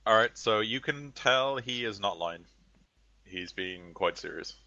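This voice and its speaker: A man's voice: on the low side, lively intonation, measured pace, bright, forceful tone, no echo. A man narrating a tabletop game as game master, in a rambling, loose way full of fillers, on a dull lo-fi recording.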